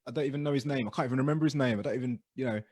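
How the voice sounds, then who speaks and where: A man telling stories as co-host of a casual podcast chat, animated and dropping low and quiet for asides. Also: racing, crowd noise.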